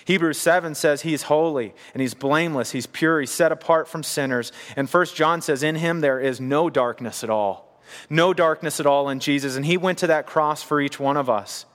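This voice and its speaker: A man's voice: on the high side, moderate pace, fairly bright tone. Earnest male preacher in a reverberant hall. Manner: earnest, building to emphatic repetition. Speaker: pastor. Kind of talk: sermon.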